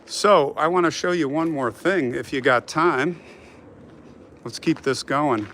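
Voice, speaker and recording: This middle-aged American man hosts a walking live stream on a city street, casually rambling, friendly and direct with viewers as he reads their comments out. His voice runs on the high side, a bit bright and unhurried, over faint traffic and street noise.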